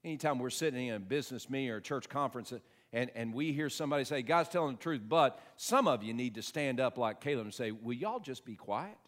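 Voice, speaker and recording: A man preaching a sermon, moving between quiet asides and loud, emphatic passages, and reading scripture aloud slowly with heavy stress. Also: mid-range voice. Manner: reads scripture aloud with slow, stressed delivery. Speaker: pastor.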